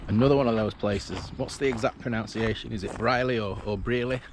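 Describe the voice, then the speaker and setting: A man's voice: lowish voice, fast talker. A man vlogging while he walks an old railway line outdoors, chatting casually and thinking aloud with restarts. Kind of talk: casual walking commentary. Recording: faint outdoor background noise.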